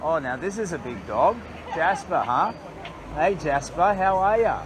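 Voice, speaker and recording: A man's voice: on the high side, animated, unhurried. An Australian man chatting and joking cheerfully while he walks along a town street and greets locals, recorded on a camera strapped to his chest. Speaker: charity walker greeting locals. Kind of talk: casual chat while walking. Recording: street noise.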